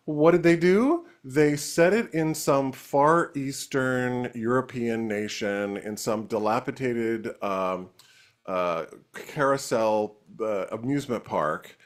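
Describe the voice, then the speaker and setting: A man co-hosting a talk show, giving his opinion in a heated, ranting way. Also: mid-range voice. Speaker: co-host.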